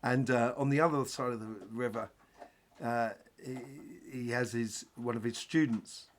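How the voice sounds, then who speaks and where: A man's voice: mid-range voice, steady tone, normal speed. A man hosting a live spiritual Q&A, talking in a rambling, chatty way with jokes. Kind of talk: casual live-stream talk.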